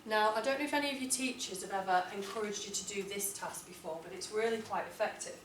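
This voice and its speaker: A woman English teacher with a mid-range voice leads a classroom writing lesson, speaking clearly and deliberately and stressing key words as she reads example texts aloud. She sounds distant in an echoey room with a faint hum of room noise behind her.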